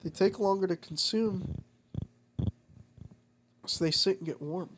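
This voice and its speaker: A man's voice: high voice, measured pace, noisy background. A man chatting casually and telling a profane, rambling story with lots of swearing. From United States. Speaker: vlogger. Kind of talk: casual chat.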